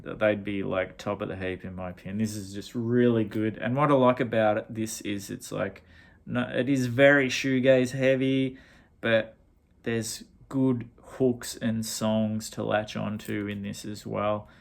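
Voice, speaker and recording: A man's voice: on the low side, steady tone, a little slow, vocal fry. A middle-aged Australian man giving a casual, rambling record review with slang, often correcting himself. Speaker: vinyl collector reviewing records.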